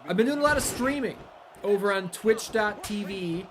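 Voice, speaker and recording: A man's voice: sits high, moderate pace, a little hiss or hum. A man commentating his own wrestling video game playthrough, swearing and ranting as he plays. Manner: profane, ranting, excitable. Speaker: let's play host. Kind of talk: gameplay commentary.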